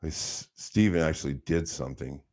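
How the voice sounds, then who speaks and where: A man's voice: rumbling low, expressive, a little fast, darkish tone. A man chatting casually as a podcast host, laid-back and profane, dropping "dude" and "bro" often. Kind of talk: casual chat.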